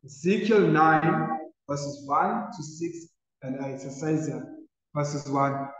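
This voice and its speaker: A man preaching a sermon, repeating key phrases and swinging between loud emphasis and soft, drawn-out lines. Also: a little high, recorded from a distance. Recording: echoey hall, dull lo-fi sound.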